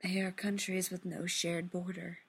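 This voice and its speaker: A woman voicing a middle-aged queen who was once a mermaid, quiet and pleading, in a storybook reading. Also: on the low side, level tone, moderate pace, husky. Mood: wistful.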